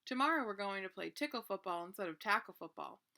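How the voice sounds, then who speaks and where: A woman's voice: mid-range voice, expressive, fast talker, creaky, pushed and bright. Woman doing a big boisterous monster kid. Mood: cheerful.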